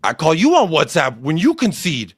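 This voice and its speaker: A man in his thirties who crashes a football chat with loud, taunting banter. His voice rides high for a man, and he teases and curses freely. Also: wildly swooping pitch, normal speed, husky. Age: 30s. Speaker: panelist. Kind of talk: boisterous casual banter.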